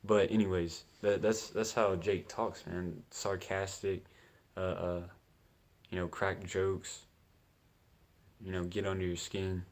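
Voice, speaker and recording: A man's voice: deep voice, little pitch movement, slow. A man giving casual commentary as he reads scripture, laid-back and chatty, often laughing and saying "man.". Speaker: scripture teacher.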